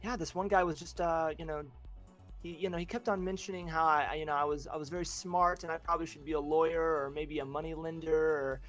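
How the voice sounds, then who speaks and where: A man's voice: a little high, steady tone, quick pace, a bit bright, soft background music. A young man talking as a guest on a casual online chat, hesitant and full of fillers. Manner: hesitant, many fillers and restarts, laughs easily. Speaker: guest, content creator.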